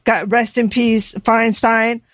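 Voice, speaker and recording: A co-host on a political talk show makes points in an earnest, opinionated, steady way, with a mid-range voice. The sound is close and dry. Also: medium pitch, takes it slowly, dry recording.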